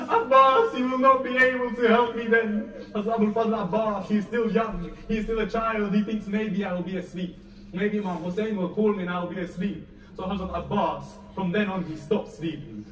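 Male lecturer, high-pitched, tearful and fervent storytelling; roomy hall sound, mic far off. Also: moderate pace. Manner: emotional, rising to near-wailing at peaks. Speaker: lecturer reciting Masa'ib. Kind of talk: Muharram majlis lecture with narrated story. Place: mosque or community hall. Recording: echoey hall, mic heard from a distance.

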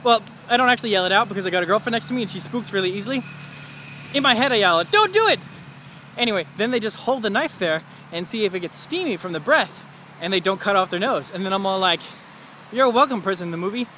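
A man in his twenties talks to camera in a rambling, self-mocking way and chuckles at his own jokes. His voice sits high and sounds bright and sharp. Faint city traffic hums behind him outdoors. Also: fast. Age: 20s. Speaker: vlogger. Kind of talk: rambling comedic video diary.

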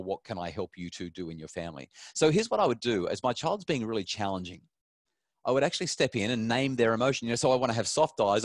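A middle-aged man, an animated storyteller who restarts his sentences often as he gives parenting advice. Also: on the low side, dry recording, studio quality. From Australia. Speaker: parenting expert. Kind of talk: talk to an online audience.

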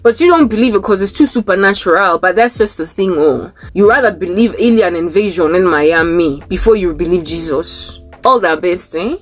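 A woman's voice: medium pitch, animated, normal speed, few pauses, slightly rough, soft background music. A woman speaking as a Christian vlogger in a casual, rambling monologue, reading search results aloud and sometimes breaking into sing-song chanting.

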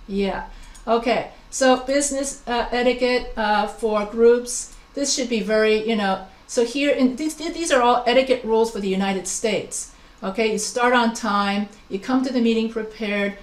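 A woman instructor giving a relaxed lecture, chatty and full of asides and restarts. Her voice sits a little high, and the room has a clear echo. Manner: chatty, anecdotal, with frequent restarts. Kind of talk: recorded class lecture.

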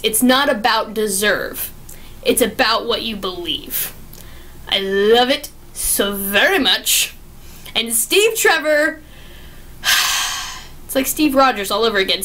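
A young woman talks through a movie review in a high, bright voice. She gushes and gets excited, often restarting her sentences as her thoughts run ahead of her words. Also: measured pace. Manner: gushing and excitable, with many restarts. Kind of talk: casual spoken movie review.

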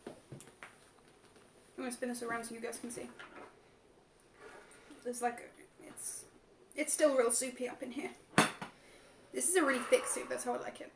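A woman's voice: a little high, fairly even intonation, a little slow, creaky, pauses often, background noise. A woman chatting and giggling while eating soup on a livestream, talking with her mouth full. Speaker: mukbang co-host. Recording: roomy echo.

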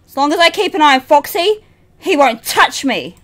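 A woman's voice: high voice, expressive, moderate pace, fairly bright tone. A woman streaming a horror game, talking to her chat, jumpy and prone to shrieks and repeating herself. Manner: talks to chat. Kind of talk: live horror game commentary.

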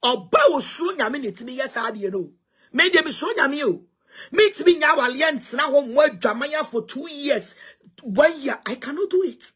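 A Ghanaian woman with a high-pitched voice speaks with passion and confrontation. She switches freely between Twi and English and addresses her listeners directly and forcefully. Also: expressive, a little fast. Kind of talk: impassioned spoken response.

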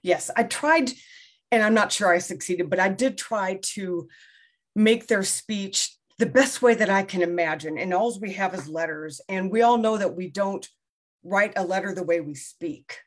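A woman's voice: mid-range voice, normal speed. Middle-aged woman author, chatty and self-deprecating, restarts often; casual interview. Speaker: debut novelist being interviewed.

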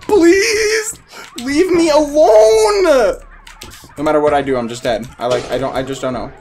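A man giving casual gaming commentary, swearing a lot and swinging from low muttering to panicked yelling. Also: steady tone, rapid-fire, a little hiss or hum. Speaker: gamer streaming a co-op horror game.

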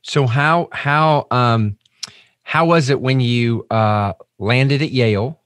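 A man's voice: mid-range voice, slow, fairly bright tone, no echo, clean studio sound. A man with a Southern accent hosting an interview, restarting his questions often. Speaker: interviewer, host.

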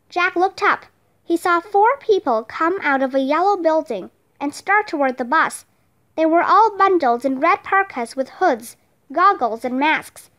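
A woman reading a children's chapter book aloud, with clear, steady storytelling. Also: extremely high pitch, measured pace. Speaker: reader.

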